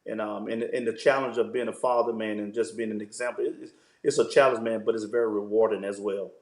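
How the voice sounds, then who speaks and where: A man, a pastor, talking about fatherhood in a relaxed interview, telling stories and using "man" as a filler. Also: fairly low pitch, quick pace, reverberant. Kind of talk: conversational interview.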